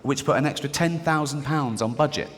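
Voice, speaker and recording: A middle-aged man doing stand-up comedy, telling stories with mock voices and animated outbursts. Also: fairly high pitch, brisk. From England. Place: large theatre stage. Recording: reverberant hall with audience noise. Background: audience laughter.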